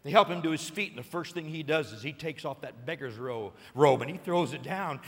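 A man preaching a sermon, telling a story with lively acted-out voices and rising to excited peaks. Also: on the high side, a little fast, breathy edge, in a large hall. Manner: animated storytelling, acting out voices and building to shouted peaks. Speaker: pastor.

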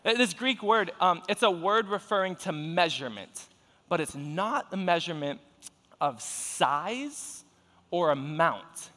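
A man preaching a lively, joking sermon, talking straight to his congregation. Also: high-pitched, a little slow. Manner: joking, animated, talks to the congregation. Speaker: pastor. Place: large church hall with audience. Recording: long reverb of a large hall.

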